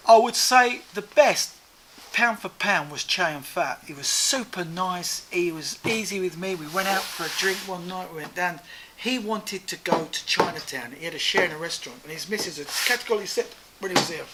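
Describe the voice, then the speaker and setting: A man being interviewed, telling a rambling anecdote in an animated, casual way, swearing freely and repeating "I said" as he goes. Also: sits high, moderate pace, very noisy. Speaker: interview guest.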